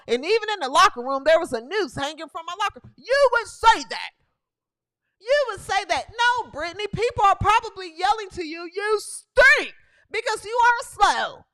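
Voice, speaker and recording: Brief: woman comic host, very high and bright voice, swooping, sarcastic sports rant. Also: no room sound, clean studio sound. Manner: sarcastic, mocking, repeats lines for effect. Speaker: comedian and show host. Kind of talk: comedic sports commentary rant.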